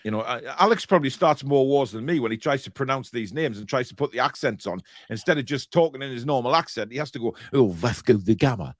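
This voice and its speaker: A man's voice: medium pitch, fast, hardly any pauses, no room sound, studio quality. A middle-aged man co-hosting a casual live stream, reading out viewer comments in a jokey, rambling way with many restarts.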